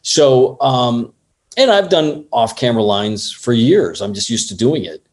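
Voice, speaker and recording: A man recounting a film-set story in a relaxed interview. He tells it with energy and acts out the voices of the people in it. His voice sits at an ordinary middle pitch for a man. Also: unhurried. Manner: lively storyteller who acts out other people's lines. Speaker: assistant director. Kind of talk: casual anecdote in an interview.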